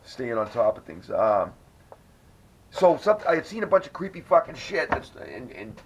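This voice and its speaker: Male podcast host, loose and profane storyteller, lively swooping delivery, dull lo-fi audio with a faint hiss. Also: medium pitch, moderate pace. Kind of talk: casual podcast chat.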